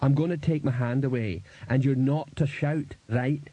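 A man voicing a big, slow-spoken male troll musician who talks in a calm, reasonable way in an audiobook reading. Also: a little high, breathy edge, no echo, voice pushed up. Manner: deliberate, reasonable.

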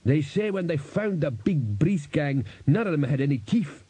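A man's voice: fairly high pitch, big pitch swings, moderate pace, mellow, husky, no room sound, pitched above the performer's own voice, full character voice. A man voicing a male troll musician who talks bluntly and gossips, in an audiobook reading. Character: excitable high-voiced troll musician, male. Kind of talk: audiobook character voice.

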